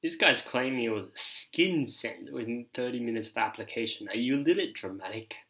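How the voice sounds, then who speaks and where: A man's voice: mid-range voice, expressive, fairly quick, a bit bright, poor audio. A man chatting casually about fragrances, with a loose manner full of fillers and asides, sometimes reading reviews aloud. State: ears ringing after a shower. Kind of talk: casual rambling chat.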